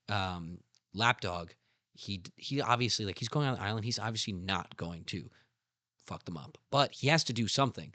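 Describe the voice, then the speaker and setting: A young man hosting a casual podcast, excitedly retelling anime scenes with slang and acting out character lines. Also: fairly low pitch, dry recording. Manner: animated storytelling with slang, acts out character lines. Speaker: podcast host.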